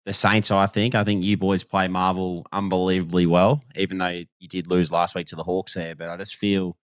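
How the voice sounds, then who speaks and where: A relaxed Australian man co-hosting a podcast in easygoing, matey banter. His voice sits a little low. The recording is dry and close, with no room sound. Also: a little fast, no room sound. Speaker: podcast co-host and footballer. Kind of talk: casual chat.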